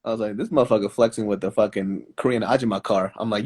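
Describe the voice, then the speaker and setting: A man's voice: lowish voice, steady tone, fast, darkish tone, breathy edge. A man chatting casually as a guest on a live stream, laid-back, joking and swearing a lot. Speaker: comedian guest. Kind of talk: casual chat. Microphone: phone on a live stream.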